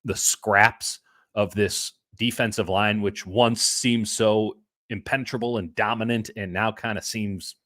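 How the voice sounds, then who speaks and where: A man co-hosting a casual sports podcast over a video call, talking in an animated way with playful asides. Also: lowish voice, a little slow, dry recording, studio quality. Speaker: co-host.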